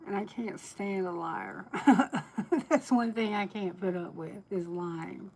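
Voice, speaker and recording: A woman's voice: medium pitch, slow, creaky, darkish tone, a little hiss or hum, low-quality recording. Chatty woman tarot reader on a live stream. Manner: chatty and candid, laughs often. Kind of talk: casual live-stream chat.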